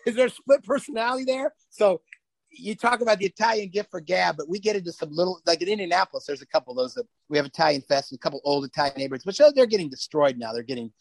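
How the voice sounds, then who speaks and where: Older male podcast guest, animated rambling storyteller, slightly high voice. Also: fast talker, vocal fry, no room sound. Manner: rambling, animated storyteller who laughs often. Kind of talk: casual interview chat.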